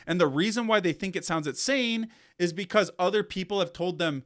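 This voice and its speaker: A man with a fairly high speaking voice talks through a casual commentary rant. He is animated and rambling and circles back to repeat his points. He sounds like a video creator thinking out loud. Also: normal speed. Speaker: content creator.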